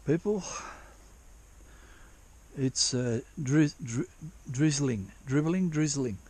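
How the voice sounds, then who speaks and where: Speaking slowly in a mid-range, somewhat mellow voice, a man records a vlog while searching for gold at a dig site in drizzle. He rambles and swears plenty, repeatedly stopping himself to start again.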